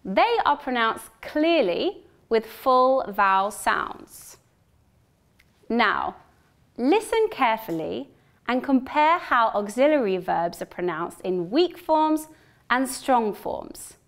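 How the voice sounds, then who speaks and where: A woman teaching English pronunciation in a slow, carefully articulated, scripted narration. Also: fairly high pitch, sing-song. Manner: slow, careful, clearly articulated, modeling example sentences.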